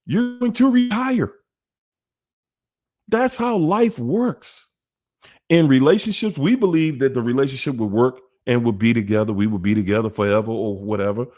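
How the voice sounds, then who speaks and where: A man's voice: fairly high pitch, warm tone. A man, hosting a casual monologue about relationships in an emphatic, repetitive, preachy way. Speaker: host.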